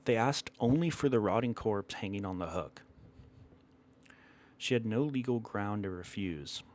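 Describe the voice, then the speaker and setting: A man telling an old myth in a measured, dramatic way, stopping now and then to correct himself. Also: fairly low pitch, expressive, a little mellow. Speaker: storyteller. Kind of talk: storytelling narration of a myth.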